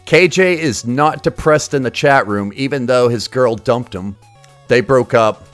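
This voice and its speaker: A man's voice: medium pitch, measured pace, soft background music. A man streaming retro games, giving casual live commentary in a crude, sarcastic, joking way. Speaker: game streamer.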